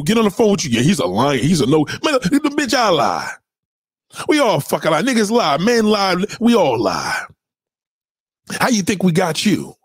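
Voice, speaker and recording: A man's voice: high voice, huge pitch swings, normal speed, husky, dry recording, clean studio sound. A man hosting a casual livestream, reading viewer comments and ranting bluntly with lots of profanity. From New York. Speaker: livestream host.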